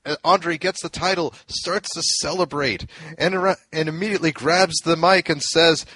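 A man's voice: fairly high pitch, steady tone, normal speed, bright, forceful tone. Enthusiastic man retelling stories. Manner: enthusiastic, laughs often, recounting events. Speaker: podcast co-host. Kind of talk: casual storytelling chat.

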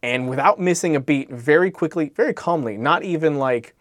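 A man's voice: fairly high pitch, a little fast, dry recording, clean studio sound. Rambling man telling a story. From Alaska. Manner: rambling, self-correcting storyteller. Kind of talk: casual chat, storytelling.

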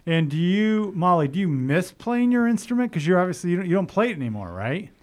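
A middle-aged man, a school principal, hosting a casual podcast interview with students, talking in a friendly, halting way with many fillers. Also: high-pitched, sing-song, darkish tone.

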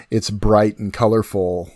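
A man co-hosting a casual film discussion, talking quickly and rambling with many restarts. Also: fairly low pitch, little pitch movement, a little mellow, no room sound, clean studio sound. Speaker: podcast co-host.

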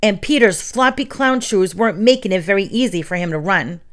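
A woman reading children's stories aloud in an expressive, dramatic way. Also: mid-range voice, brisk. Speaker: storyteller.

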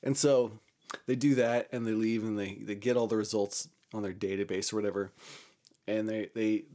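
A man's voice: on the low side, steady tone, normal speed, mellow. A man casually telling a personal story, rambling and swearing, with frequent restarts and chuckles.

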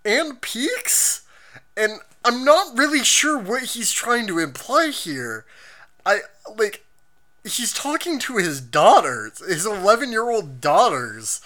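Bright, lively anime podcast host. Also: mid-range voice, slow pace. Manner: lively, expressive, reads out episode summaries. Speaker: podcast host reading chat. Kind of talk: casual anime recap chat.

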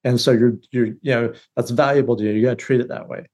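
A man's voice: medium pitch, steady tone, fast, darkish tone. A man who is a guest on a podcast interview, speaking bluntly and with energy, often restarting his phrases. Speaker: guest, real estate business leader. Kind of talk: casual interview conversation.

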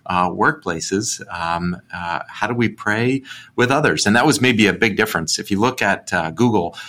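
A man with a fairly low, bright and forceful voice talks through his ideas as a podcast guest. He speaks thoughtfully, pausing on ums and uhs as he builds each point. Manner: thoughtful, with frequent um and uh fillers. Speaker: guest author. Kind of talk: podcast interview, conversational explanation.

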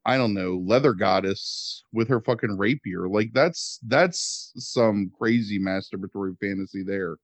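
A man co-hosting a podcast, sarcastic and animated in casual chat, mimicking voices for laughs. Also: lowish voice, measured pace, hardly any pauses, no echo. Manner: animated, sarcastic, mocking accents. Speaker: podcast co-host.

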